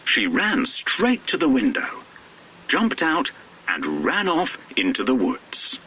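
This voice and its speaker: A man narrating a children's storybook in an expressive, sing-song way. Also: medium pitch, slow pace, a little hiss or hum.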